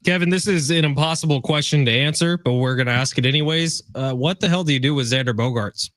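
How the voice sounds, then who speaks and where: Sports radio host, male, laid-back chatty questioner, slightly higher voice, dry close studio sound. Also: fast talker, a bit bright, no echo. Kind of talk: casual sports talk.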